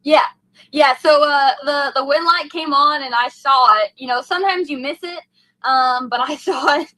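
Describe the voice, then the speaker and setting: A young woman pours out her feelings in a post-race interview, her voice high and sharp-edged. She rambles breathlessly with fillers, heartfelt and gushing. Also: moderate pace, dry recording, poor audio. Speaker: race car driver, interview guest.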